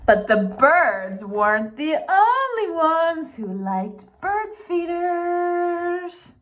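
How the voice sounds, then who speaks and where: A woman reads a children's picture book aloud in a high, sing-song voice that swoops up and down. She takes her time, stopping now and then to chat playfully with her young listeners. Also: sing-song, slow pace, a bit bright.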